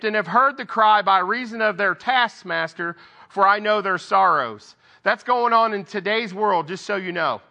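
Guy doing a laid back bible talk, bright voice, reads verses then chats about them. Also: high voice. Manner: conversational, reads scripture aloud with asides. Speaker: lay preacher. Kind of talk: informal Bible devotional.

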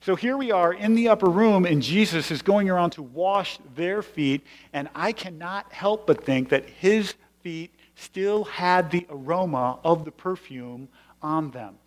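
A man's voice: high voice, measured pace. Man preaching in a reverberant hall. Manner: conversational, explanatory, emphatic. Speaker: pastor. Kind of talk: sermon.

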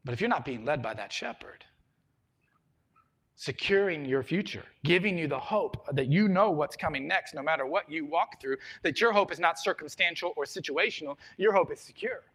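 Preaching man, loud then hushed. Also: on the high side, expressive, normal speed. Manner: storytelling, swings from loud emphasis to hushed. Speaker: pastor. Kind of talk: sermon.

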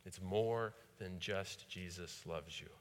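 A man's voice: deep voice, slow pace. A man preaching a sermon as pastor, repeating phrases and putting rhetorical questions to the congregation. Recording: long hall reverb.

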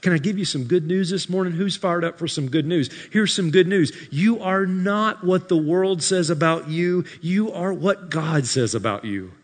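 A pastor preaching a sermon to his congregation, building to shouted peaks and dropping into dry, sarcastic asides. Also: high voice, moderate pace, hardly any pauses. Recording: live sermon in a reverberant hall.

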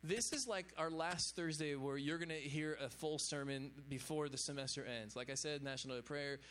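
Speaking a little fast in a fairly high, fairly bright voice, this man gives young adults a laid-back sermon. The pastor keeps it chatty and casual, leaning on lots of fillers such as "you know what I'm saying."

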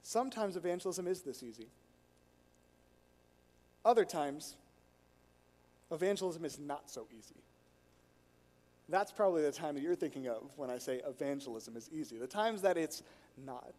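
A man preaching a storytelling sermon in an animated way, acting out the people he quotes. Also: a little high, normal speed, long pauses. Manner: animated, acts out quoted people, chuckles while telling. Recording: long hall reverb.

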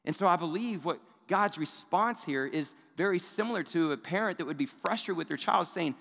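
A male pastor delivering a sermon in a relaxed, conversational tone that keeps checking in with "right?". His voice sits at a middle pitch. A long hall reverb hangs behind him. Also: fairly quick, gravelly, hardly any pauses. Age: adult parent of young children. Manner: conversational preaching with rhetorical "right?" asides.

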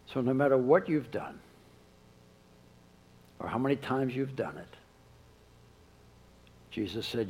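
A man preaching a sermon, who drops to a soft hush when he quotes. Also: mid-range voice, lively intonation, slow, pauses often, breathy edge, rough recording. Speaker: pastor.

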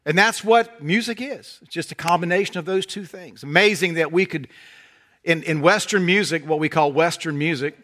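Southern preacher, middle-aged man, high bright tone, folksy animated sermon delivery. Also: moderate pace. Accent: Southern American. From North Carolina. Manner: animated storytelling, folksy humor, drops to soft intensity.

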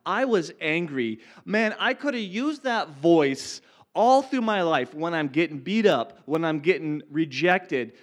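A man telling a personal testimony to a congregation, earnest, building from quiet reflection to impassioned intensity. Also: sits high. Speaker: speaker sharing a personal testimony.

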